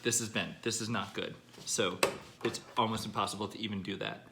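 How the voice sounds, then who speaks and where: A young man recording a personal video diary, halting and emotional, choked up at times and pausing often with fillers. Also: lowish voice, fairly even intonation, very noisy. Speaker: vlogger.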